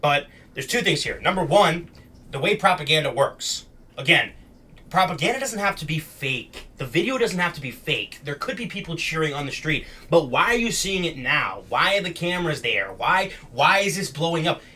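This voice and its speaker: A man's voice: a little high, lively intonation, moderate pace, pushed and bright, breathy edge. Blunt, slangy young man reacting to clips. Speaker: reaction commentator. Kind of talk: casual political commentary reacting to clips.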